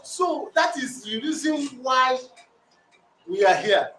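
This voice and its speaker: A man with a Nigerian accent recounting a domestic dispute as a complainant, in a rambling, repetitive, animated way. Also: extremely high pitch, slow pace, a little hiss or hum. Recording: roomy sound from a distant mic.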